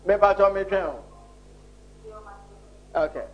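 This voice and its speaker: High-voiced Ghanaian male studio host. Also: a little slow, highs cut off, slight background noise. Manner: loud, chatty and informal with callers. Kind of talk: live call-in coverage.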